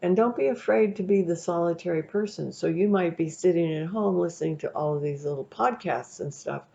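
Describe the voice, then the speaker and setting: Chatty tarot reader, woman, gravelly low-fi sound, loose rambling delivery. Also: fairly quick, warm tone. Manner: chatty, rambling, checks in with "okay?". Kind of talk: casual tarot reading to camera. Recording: dull lo-fi recording.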